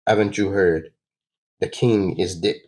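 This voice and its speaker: A sneering comic-book bandit with a giggle in his voice, as a man reads him aloud, pitched up a few steps above the reader's own low voice and pushed louder. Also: fairly even intonation, unhurried. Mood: taunting. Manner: taunting, with a little giggle. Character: cocky male bandit, mocking and giggly.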